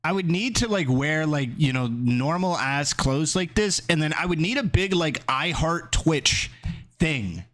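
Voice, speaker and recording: Male streamer, casual riffing chat, reads chat aloud, highish voice. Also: expressive, measured pace, a bit bright.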